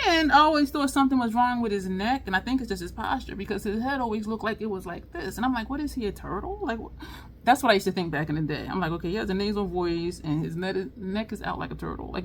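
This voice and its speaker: A woman chatting casually while doing her makeup, telling a funny story with lots of laughter. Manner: chatty, laughing storyteller, lively swings in pitch. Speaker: beauty vlogger. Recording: faint background noise.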